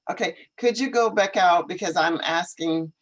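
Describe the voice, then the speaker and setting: Over a low-quality computer video call, an English teacher with a mid-range voice speaks at a moderate pace. Hosting a relaxed live stream, he fixes his setup while thinking aloud and asking the same questions again.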